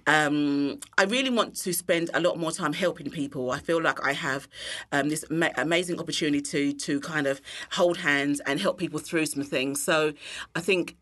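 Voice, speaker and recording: A woman with a cooking-teacher background talks casually in an interview, expressive and full of fillers. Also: low voice, normal speed. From England. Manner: expressive, bursts of laughter, many fillers. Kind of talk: casual chat.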